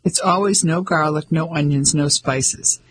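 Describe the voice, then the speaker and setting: A man's voice: a little high, unhurried, fairly bright tone, slight background noise. A man voicing a friendly café owner, wry and easygoing. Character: warm French café owner, middle-aged man.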